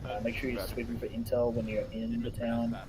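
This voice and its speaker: A man's voice: mid-range voice, flat delivery, fairly quick, low-quality recording. A man briefing teammates in game voice chat, with many ums and uhs. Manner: briefing teammates, hesitant fillers. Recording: crowd of players in chat.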